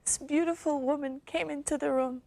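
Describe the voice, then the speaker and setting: A young actress performing a theatrical monologue as a woman recounting her abusive relationship, halting and wistful. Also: high-pitched, steady tone, vocal fry, darkish tone, no room sound. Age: young adult. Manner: halting, wistful, with nervous laughs and sighs.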